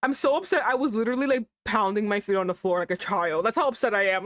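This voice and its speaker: A woman's voice: mid-range voice, lively intonation, a little fast, hardly any pauses, a bit bright, no echo. A young woman streaming a game, chatting casually, swearing freely and reading the story text aloud. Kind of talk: casual gameplay commentary.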